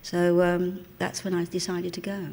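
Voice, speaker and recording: This older woman, a Cockney from the East End of London now in her seventies, is the guest actress at a live on-stage interview held in a cinema auditorium with an audience present. Her fairly low, warm voice comes at a normal speed with a completely flat delivery as she shares anecdotes and mimics the people she quotes.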